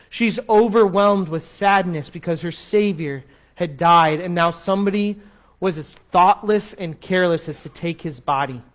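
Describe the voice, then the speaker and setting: A man preaching a sermon as pastor, expressive, dropping to a soft slow voice to make a point. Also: sits high.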